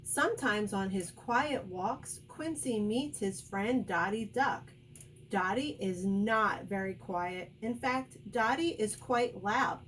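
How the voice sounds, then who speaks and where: A woman teacher reading a picture book aloud to young children, speaking slowly, clearly and encouragingly. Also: mid-range voice, a bit bright, distant mic, slight background noise.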